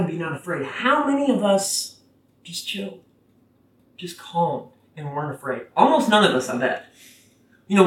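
A preacher giving a casual, conversational sermon that gets animated when quoting scripture. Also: mid-range voice. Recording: roomy, from a distance.

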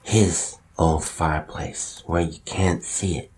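A man's voice: low-pitched, fairly even intonation, takes it slowly, darkish tone. A man voicing a small chubby boy who lisps and sounds timid. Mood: frightened. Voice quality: lisp.

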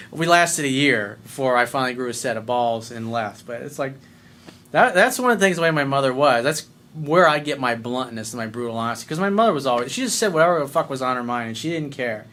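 A man's voice: mid-range voice, lively intonation, fairly quick, fairly bright tone. A middle-aged man giving blunt, profane dating advice as the host of his own show.

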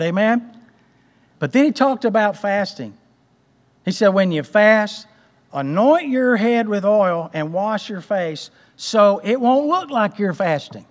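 A man's voice: high voice, long reverb tail. A man preaching a folksy sermon, restarting phrases and asking the congregation for an amen. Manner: folksy, repeats words and restarts, asks amen. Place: church.

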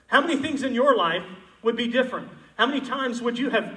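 A male pastor preaching a sermon, moving between loud, emphatic passages and quiet, intimate ones. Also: extremely high pitch, animated, fairly quick, roomy sound, recorded from a distance, poor audio.

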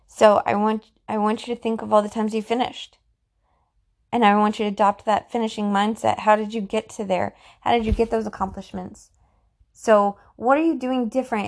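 A middle-aged woman hosting a motivational podcast, talking to listeners in an encouraging, chatty way and often repeating herself. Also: medium pitch. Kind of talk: motivational talk.

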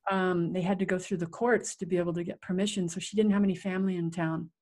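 Animated middle-aged woman telling a story. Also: lowish voice, fast talker. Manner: vivid, animated telling with acted-out sounds and quotes. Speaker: interview guest. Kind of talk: personal storytelling in conversation.

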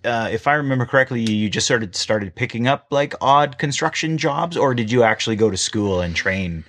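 A man's voice: mid-range voice, fairly bright tone. A man hosting a casual podcast chat, teasing his guest with dry jokes. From Canada. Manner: joking, teasing interviewer. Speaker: podcast host.

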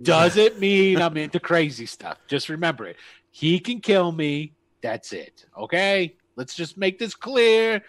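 A man's voice: on the high side, very animated, measured pace. A man voicing a nervous, stammering small immortal man who keeps talking defensively.

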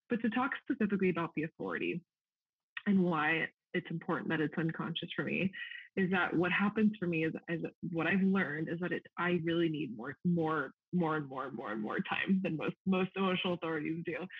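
A man's voice: fairly high pitch, breathy edge, dry recording. A man chatting casually as a guest, rambling and laughing often as he acts out his own inner thoughts. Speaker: guest, reading practitioner and course creator. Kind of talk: casual interview chat. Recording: tinny phone-like call line, dry.

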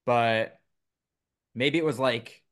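A man's voice: medium pitch, slow pace, a bit bright. A man co-hosting a casual podcast, reading news items aloud with lots of fillers and joking asides. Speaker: podcast co-host. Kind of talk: casual chat.

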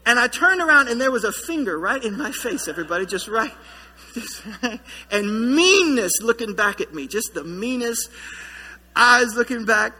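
Bright-voiced pastor in an echoey hall. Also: male voice, extremely high pitch, moderate pace. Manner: animated storytelling with humor. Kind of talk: sermon. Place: church sanctuary.

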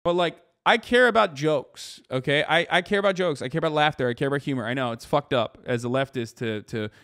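A young male streamer, speaking briskly in a fairly high voice with a fairly bright tone, hosts a live stream. He directs a heated, profane, sarcastic rant straight at his chat.

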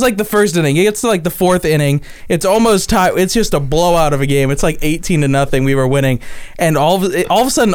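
A man's voice: fairly high pitch, clear, resonant tone. A young man from the Las Vegas area, co-hosting a podcast and telling a funny story in casual chat, acting out his friends' lines. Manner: animated storyteller, acts out quoted friends. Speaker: podcast co-host.

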